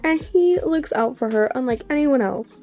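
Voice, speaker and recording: A young woman vlogging casual reactions while reading, ranting in an animated, exasperated way. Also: high-pitched, normal speed, lo-fi sound, faint music behind. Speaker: book vlogger.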